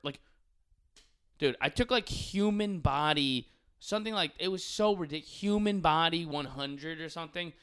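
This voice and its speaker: A man's voice: fairly high pitch, normal speed, fairly bright tone, smooth. A young man on a podcast, chatting casually and animatedly, swearing often and saying "dude" a lot.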